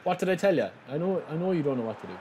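A man from the giving excitable, frustrated live commentary on a football video game, talking to his viewers as lads. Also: fairly high pitch, rapid-fire, a little hiss or hum. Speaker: gaming YouTuber.

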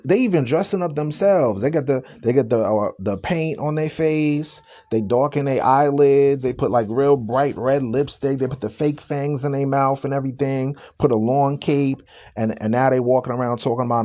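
A man's voice: medium pitch, animated, mellow. Emphatic sarcastic male stream host. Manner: emphatic and sarcastic, repeats rhetorical questions, reads scripture slowly. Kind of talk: live-stream religious commentary with scripture reading.

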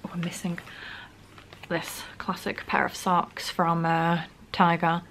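A young woman with a Northern English accent talks through her presents in a chatty, gushing way with little laughs. Her voice sits on the low side, recorded on a camera at home with faint noise behind it. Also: monotone, slow pace, a bit bright. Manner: chatty and gushing, giggly asides. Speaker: vlogger. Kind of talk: casual haul vlog. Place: home room. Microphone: camera on a stand.

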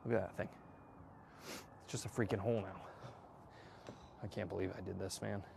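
A man chatting casually to viewers while hitting golf balls, excitable and self-mocking, swearing often and breaking into loud outbursts. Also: deep voice, moderate pace, creaky, very noisy. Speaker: golf vlogger. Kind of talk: casual range-session chat to viewers.

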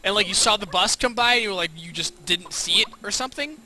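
A man's voice: sits high, fast, pushed and bright. A man streaming a video game live, chatting casually and asking playful questions. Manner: chatty, quizzical, reading chat aloud.

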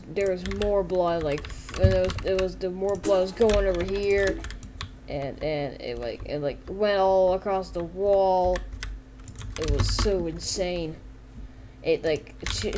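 A woman commenting on her game roleplay in a rambling, jokey way, with quick asides, at her computer on a desk mic. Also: lowish voice, background noise. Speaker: gameplay video creator.

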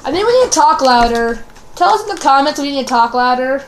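High-voiced woman cursing through gameplay. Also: fast talker, a little hiss or hum. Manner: swears often, rambling and excitable. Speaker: gaming video creator. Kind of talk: casual gameplay commentary.

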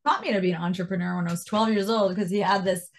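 A Canadian woman in her thirties, a guest telling her life story in an interview, animated and quoting people with lively jumps in her voice. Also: mid-range voice, fast.

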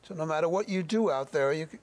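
Earnest gravelly middle-aged man. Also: a little high. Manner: earnest, halting, repeats words while searching. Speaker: church member interviewee. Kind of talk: testimony in a church interview.

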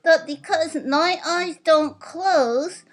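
A woman's voice: extremely high pitch, takes it slowly. A woman voicing Sok, a cheerful joking sock puppet rehearsing a puppet show. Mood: playful. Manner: playful, jokey, eager.

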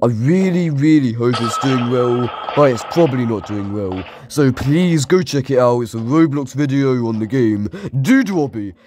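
A man's voice: mid-range voice, animated, normal speed, few pauses, noisy background. Jumpy man playing a horror game. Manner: jumpy, shrieks at scares, taunts the enemies. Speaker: gaming YouTuber. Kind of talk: let's play commentary.

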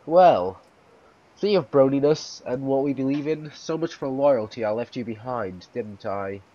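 A man's voice: mid-range voice, normal speed, warm tone. A young man hosting a casual gaming video, talking in a rambling, playful way. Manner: rambling, playful, puts on voices. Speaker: gamer host. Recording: dull lo-fi with faint noise.

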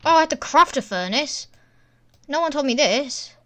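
A woman comments on her gameplay in a high, swooping voice, jumping between cheerful shouts and half-muttered thoughts. Loud keyboard clatter and typing run clearly underneath her talk. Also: moderate pace. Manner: excitable, exclaiming and thinking aloud. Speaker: gaming channel host. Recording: keyboard clicks and typing in background. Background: keyboard typing noise.

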